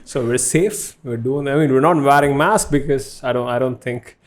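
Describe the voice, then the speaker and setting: A Tamil-speaking man hosting a casual studio podcast, jokey and quick to laugh, often stumbling over his words. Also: mid-range voice. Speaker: podcast host.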